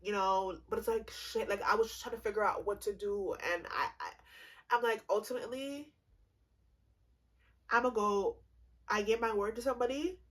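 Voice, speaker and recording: Twenties woman doing a storytime, husky, animated and cussing, plays both sides of the convo. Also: medium pitch, normal speed, long pauses. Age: 20s. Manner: animated, profane, acts out both sides of dialogue. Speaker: vlogger. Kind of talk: comedic storytime.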